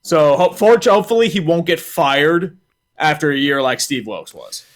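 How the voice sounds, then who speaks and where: A man's voice: fairly high pitch, expressive, moderate pace. Analytical male sports co-host. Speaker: sports talk stream co-host. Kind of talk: casual sports chat and score updates.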